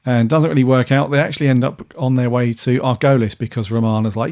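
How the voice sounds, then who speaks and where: A man in his forties co-hosting a podcast in casual chat, relaxed and full of fillers. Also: mid-range voice, quick pace, vocal fry, few pauses. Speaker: podcast co-host.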